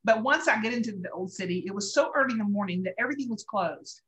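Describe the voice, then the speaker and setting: A woman's voice: mid-range voice, animated, fast, a bit bright, rough recording. A middle-aged woman co-hosting a faith talk show, telling a personal story in an earnest, emotional way. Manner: earnest storytelling, emotional, laughing through tears at moments. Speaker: co-host sharing a personal story.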